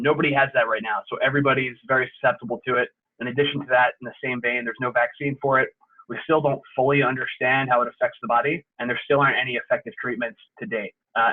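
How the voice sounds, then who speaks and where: A young sports medicine presenter gives a virtual safety talk over a video call, his voice at an ordinary middle pitch. He explains things in a relaxed way, frequently pausing on "um" and "uh," and the audio sounds thin and phone-like.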